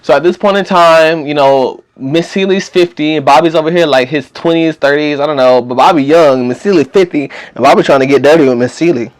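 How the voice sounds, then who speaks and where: A young man, telling a story in a casual, slangy and animated way. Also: a little high, brisk, hardly any pauses. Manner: animated, slangy, acts out quotes. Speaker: vlogger.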